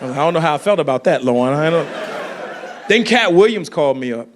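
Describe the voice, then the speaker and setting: A man doing a stand-up comedy set, telling a story with shouted punchlines and quick switches into voices. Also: on the high side, expressive, heavy background noise. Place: comedy club with audience.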